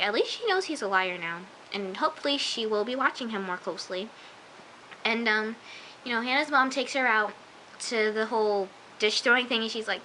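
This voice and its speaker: A young woman gushes through an episode recap with a bright, forceful, slightly high voice. She talks in a chatty, excitable way and sometimes drops into whispers. A faint hiss sits under the recording. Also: low-quality recording. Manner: chatty, gushing, full of "like" and "oh my gosh", drops into whispers. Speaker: show reviewer.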